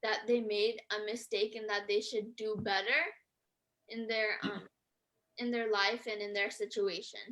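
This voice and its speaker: A woman's voice: mid-range voice, little pitch movement, a little slow, a bit bright, poor audio. A woman author on a radio interview, earnest and a bit hesitant, reading from her book. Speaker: author and guest. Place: radio studio.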